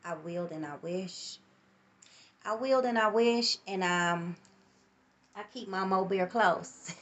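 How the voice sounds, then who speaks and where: A woman's voice: medium pitch, takes it slowly, long pauses. A middle-aged woman talking candidly into her phone on a tripod, reflective and blunt, swearing at times. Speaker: vlogger. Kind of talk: casual personal monologue.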